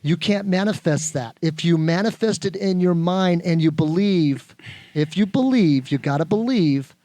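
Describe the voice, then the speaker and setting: A man's voice: high-pitched, expressive, moderate pace, mellow, no echo. A man hosting a podcast, giving emphatic motivational advice in casual chat and repeating his points. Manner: emphatic, preachy, repeats himself. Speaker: podcast host.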